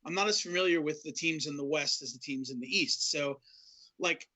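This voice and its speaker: A man co-hosting a hockey podcast, energetic and rambling, swearing casually. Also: fairly high pitch, brisk, rough recording. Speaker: podcast co-host.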